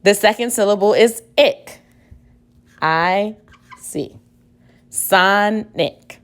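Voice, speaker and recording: Woman teacher doing spelling dictation, talks real slow, kinda low voice, spells everything out letter by letter. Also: lively intonation. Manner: slow, deliberate, spells out letters and repeats words.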